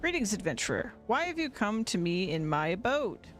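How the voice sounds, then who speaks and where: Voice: medium pitch, big pitch swings, normal speed, fairly bright tone, soft background music. A streamer voicing a formal wise woman in a game who speaks with cats. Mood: solemn. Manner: formal, solemn.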